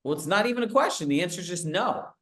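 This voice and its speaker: Man, slightly high-pitched, coaching a live group, rapid asides, video call. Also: animated, fairly bright tone. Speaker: real estate sales coach.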